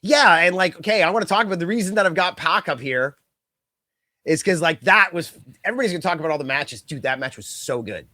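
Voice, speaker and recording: Rambling animated male podcast co-host. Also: high voice, fast, dry recording, clean studio sound. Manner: rambling, animated, fillers and mock impressions. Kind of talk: casual chat.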